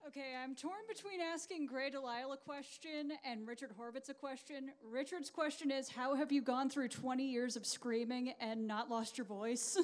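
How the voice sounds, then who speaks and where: A woman's voice: high-pitched, normal speed, few pauses. A woman who is a fan in the audience, asking the panel questions in an eager, giggly way.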